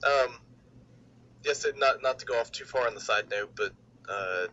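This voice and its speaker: Hesitant man with a bright voice, lo-fi mic. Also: mid-range voice, normal speed. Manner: hesitant, filler-heavy, laughs often. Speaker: podcast co-host. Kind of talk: casual wrestling podcast chat.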